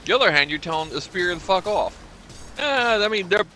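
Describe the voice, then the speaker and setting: A man's voice: sits high, lively intonation, fairly quick, bright, forceful tone, soft background music. A man joining a gaming stream, chatting casually and cracking dry jokes. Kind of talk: casual chat, deadpan jokes.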